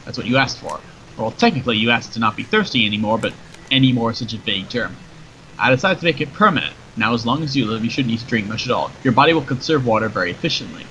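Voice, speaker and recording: A man's voice: medium pitch, lively intonation, fast talker, sharp tone. A man voicing a wry, chatty male rattlesnake who grants wishes, in a dull lo-fi recording with faint noise. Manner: chatty, joking, matter-of-fact.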